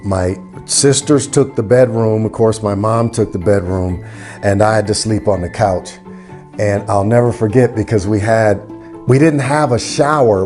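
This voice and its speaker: Middle-aged man, from Michigan, casual storytelling, animated, faint music underneath. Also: fairly low pitch. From Battle Creek, Michigan, US. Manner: animated, acts out quoted voices, frequent fillers. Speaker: storyteller in a docu-series.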